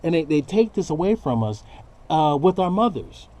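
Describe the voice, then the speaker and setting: Male vlogger, raw unscripted rant, cursing a lot, lively swooping pitch, higher-set voice. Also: normal speed. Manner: profane, blunt, preachy, slangy.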